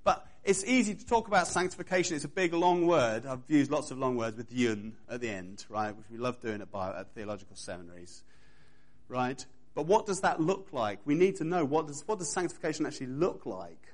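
A man's voice: mid-range voice, expressive, brisk. A man preaching a sermon in church, building emphatic repeated phrases and speaking straight to his congregation. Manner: emphatic, repetitive preaching cadence; engages congregation directly.

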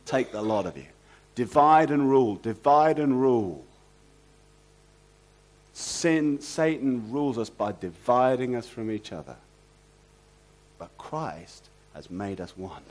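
In a mid-range voice, a man preaches an expository sermon with animation, putting rhetorical questions to the congregation.

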